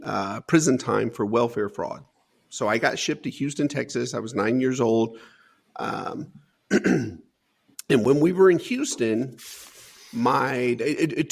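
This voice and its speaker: A man's voice: mid-range voice, gravelly. A man as an interview guest, earnestly recounting his life story with emphatic repetition.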